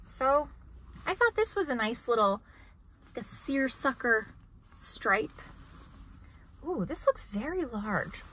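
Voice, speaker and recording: A woman in her thirties chatting casually in a haul vlog, self-mocking and quick to laugh. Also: high voice, expressive, sharp tone, poor audio. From United States. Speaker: vlogger.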